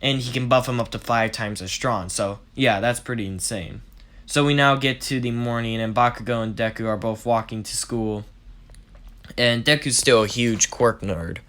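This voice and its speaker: A man's voice: medium pitch, normal speed, fairly bright tone. A young man casually retelling a fan story, rambling with lots of "like" and "basically". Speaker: channel storyteller.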